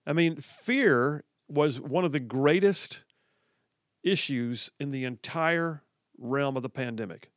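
A male talk radio host holds forth in an animated, mocking monologue. His voice sits a little high for a man and comes across close and dry, with no room sound. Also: no room sound. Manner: animated, mocking, quotes others in put-on voices.

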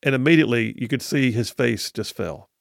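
A man's voice: medium pitch, fairly quick, creaky, dry recording, clean studio sound. A male talk radio host and attorney giving emphatic, scornful commentary and hammering his points through repetition.

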